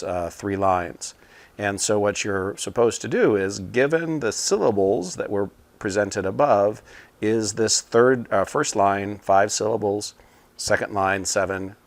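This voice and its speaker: A man teaching computing, talking a class through a problem at a whiteboard in a relaxed, explanatory way with frequent fillers. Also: fairly low pitch, no room sound. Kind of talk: casual whiteboard lesson explanation. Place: small room at a whiteboard.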